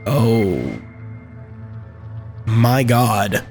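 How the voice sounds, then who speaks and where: A man reading a horror game aloud, with quiet reactions between passages, over game music. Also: medium pitch. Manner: slow, flat narration with quiet reactions. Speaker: gameplay video host.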